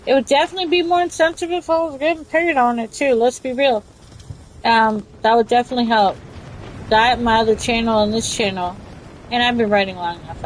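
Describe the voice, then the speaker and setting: Woman streamer, casual game chatter, high voice, shouts for help. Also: brisk, a little hiss or hum, poor audio. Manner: chatty, swears, yells for help in bursts. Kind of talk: casual gameplay commentary.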